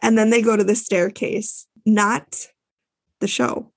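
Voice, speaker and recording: Chatty woman cohost recapping a show, gravelly husky voice, dry close sound. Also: mid-range voice, steady tone, slow, no room sound. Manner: chatty storyteller, many fillers and restarts. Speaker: podcast co-host. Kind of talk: casual recap chat.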